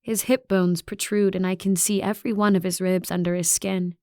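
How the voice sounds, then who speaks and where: A woman reading a first-person audiobook in a soft, intimate way, with quiet passages. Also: on the low side, level tone, moderate pace, no echo, studio quality. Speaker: audiobook narrator.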